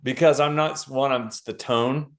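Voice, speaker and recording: A middle-aged man, a guest author explaining ideas in a casual interview with lists and quick examples. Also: mid-range voice, fairly even intonation.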